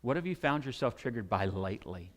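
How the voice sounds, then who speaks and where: A man preaching a sermon, animated and conversational, sometimes acting out the shouting crowds he describes. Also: medium pitch, a little fast. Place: church sanctuary. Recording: long hall reverb.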